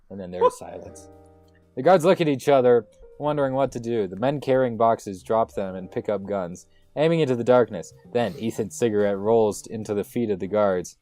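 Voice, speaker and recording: A man's voice: medium pitch, a little mellow. A man reading a script's stage directions aloud with wry asides and some stumbles, in a comic read-through. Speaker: script reader.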